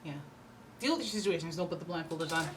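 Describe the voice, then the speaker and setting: Woman tarot reader, low-ish voice, chatty and blunt, acts out voices for laughs, faint hiss behind. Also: fast. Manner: animated, slips into playful mock voices. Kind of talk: casual tarot reading to camera.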